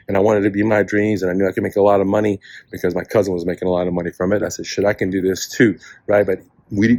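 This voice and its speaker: A man's voice: fairly low pitch, a little mellow, dry recording, low-quality recording. A man in his forties, a real estate coach, giving a blunt, profanity-laced motivational talk packed with "man" and "bro". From refugee to the US. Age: 40s.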